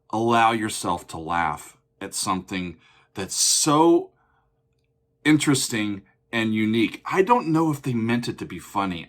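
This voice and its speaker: A man's voice: fairly low pitch, fairly bright tone. A man hosting a music reaction video, talking casually with rambling, amused, self-deprecating comments.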